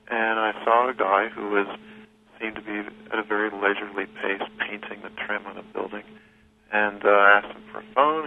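A man telling a story as an interview guest, thoughtful and unhurried, often restarting his sentences. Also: fairly low pitch, creaky. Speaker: guest recounting a journey. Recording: tinny phone line with faint noise.

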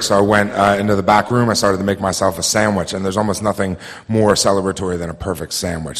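Low-voiced man telling a story on stage. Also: long reverb tail. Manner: halting, many fillers and restarts. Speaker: storyteller and evening host. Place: theater stage.

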